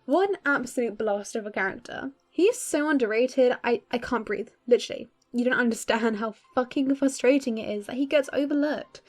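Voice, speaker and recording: A woman's voice: fairly high pitch, brisk. A young woman giving casual fan commentary, gushing and emphatic, swearing freely. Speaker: video creator.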